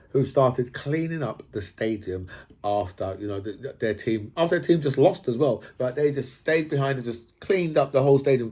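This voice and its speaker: A man's voice: medium pitch, warm tone. A man ranting casually in a rambling monologue, swearing and tagging his points with "right?".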